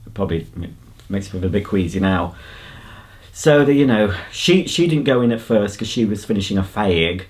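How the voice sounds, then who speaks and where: Brief: lower-pitched English man, chatty rambling vlogger. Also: expressive, normal speed, a little mellow. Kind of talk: casual vlog chat. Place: outdoors on a countryside path.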